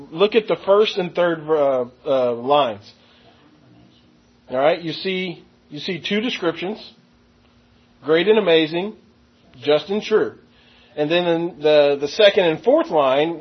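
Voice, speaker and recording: A man with a high, husky voice preaches a verse-by-verse sermon, slowing down to read scripture aloud. The recording sounds dull and lo-fi. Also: expressive. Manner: teaching verse by verse, stressing key words. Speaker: pastor.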